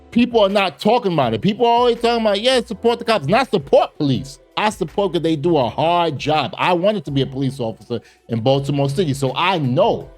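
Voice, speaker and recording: A man hosting a reaction video, talking casually and emphatically with slang as he comments on news clips. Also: fairly high pitch. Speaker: commentary host.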